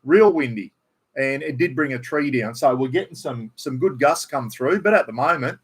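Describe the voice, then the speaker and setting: At home indoors, a man with an Australian accent hosts a livestream from his computer, chatting casually with viewers, swearing freely and reading out names. His mid-range voice is lively in intonation, with a breathy edge and normal pace.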